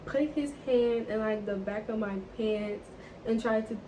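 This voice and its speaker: A young woman vlogger telling a dating story in casual, animated chat, swearing freely and saying "like" often. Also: a little high, a little slow, background noise. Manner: animated, profane, chatty with lots of "like".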